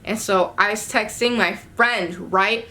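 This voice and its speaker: At home, a young female vlogger tells a storytime to her camera in a bright, sharp, mid-range voice, speaking a little slowly. She's animated and exasperated, swearing freely and acting out every line of dialogue herself in casual chat.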